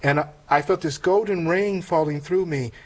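An older man tells a personal story in an earnest, reflective way, often stopping and restarting his phrases. His voice sits a little on the high side for a man. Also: moderate pace, poor audio. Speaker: interview guest telling a conversion story. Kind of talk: personal testimony in conversation.

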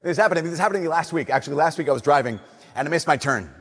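Young priest, male, slightly high and husky, conversational sermon delivery with long church reverb. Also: animated, very fast. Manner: conversational preaching, playful then hushed and earnest. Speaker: Catholic priest.

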